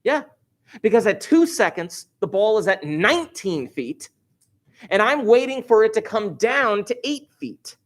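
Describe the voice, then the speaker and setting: A man's voice: high-pitched, big pitch swings, unhurried, fairly bright tone. A man teaching a math lesson to a class, explaining step by step with wry, joking asides.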